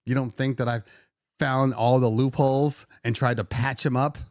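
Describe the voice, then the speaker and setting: A man's voice: mid-range voice, fairly even intonation, normal speed, a little mellow, no room sound, clean studio sound. A middle-aged man hosting a casual DJ podcast, venting animatedly and slipping into sarcastic put-on voices. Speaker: DJ podcast host. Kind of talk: casual livestream talk.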